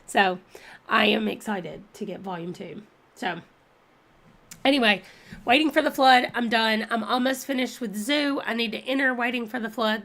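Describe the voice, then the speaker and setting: A woman with a somewhat high voice hosts a casual readathon livestream. She rambles in a friendly way, thinking aloud about her plans as she goes. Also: fairly bright tone. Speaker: book channel host.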